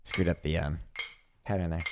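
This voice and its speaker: A man's voice: deep voice, fairly even intonation, moderate pace, heavy background noise. A man hosting a drumming livestream, chatting casually between practice and laughing often as he mocks the voices of commenters. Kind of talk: casual chat while practicing. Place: home practice room with drums.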